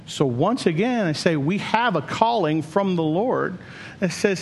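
A man's voice: sits high, animated, unhurried, creaky, a little hiss or hum. A man preaching a sermon as pastor, earnest and building to emphatic questions.

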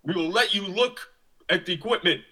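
A man's voice: high voice, brisk, bright, forceful tone. A man playing a stiff, robotic gym salesman who talks like a drill sergeant and keeps repeating slogans. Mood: stiff salesy. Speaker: gym caller.

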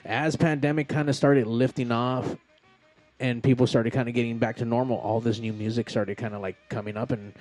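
A man's voice: mid-range voice, steady tone, a little fast, darkish tone, soft background music. A man hosting a podcast in a studio, chatting casually, swearing freely and trailing off into fillers. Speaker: podcast host. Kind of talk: casual chat.

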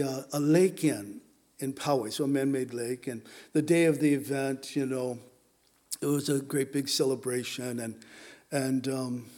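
A man's voice: on the high side, darkish tone. A middle-aged man from Southern California preaching a sermon in a conversational, storytelling way. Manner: conversational, storytelling, many fillers. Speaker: pastor. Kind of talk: sermon with personal stories.

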